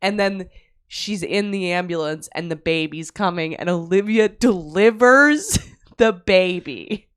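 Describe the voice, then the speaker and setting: A woman's voice: fairly low pitch, a little slow, clean tone, dry recording, studio quality. A woman co-hosting a comedy podcast, telling a story animatedly and laughing often, acting out quotes. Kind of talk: comic storytelling. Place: apartment.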